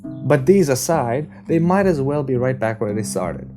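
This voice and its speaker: A man reading a novel aloud as an amateur audiobook, narrating in a steady, measured way. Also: mid-range voice. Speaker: reader. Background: guitar music.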